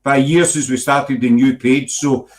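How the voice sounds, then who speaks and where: A man's voice: medium pitch, steady tone, normal speed. A middle-aged Scottish man hosting a casual paranormal chat show, teasing and laughing often. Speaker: podcast host.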